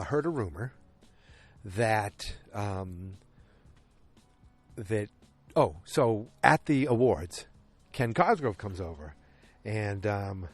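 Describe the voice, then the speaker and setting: A man hosting a solo podcast, recapping episodes in a loose, rambling way and often correcting himself mid-sentence. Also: lowish voice. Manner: rambling, frequent self-corrections and restarts; animated when retelling scenes. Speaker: podcast host.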